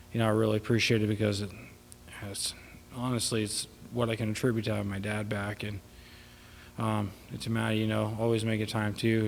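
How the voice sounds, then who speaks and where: A man's voice: on the low side, gravelly, a little mellow. A man, a son speaking at his father's memorial, rambling with many fillers and wavering between laughter and sadness. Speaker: son giving a eulogy. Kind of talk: informal memorial speech. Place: church hall. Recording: long church reverb.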